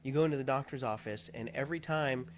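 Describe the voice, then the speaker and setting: A man's voice: medium pitch, fast, slight background noise. A man from Pennsylvania, a guest on a talk show, sharing his own story in an earnest, candid way. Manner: earnest, candid, animated when recounting. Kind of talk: conversational interview, personal story.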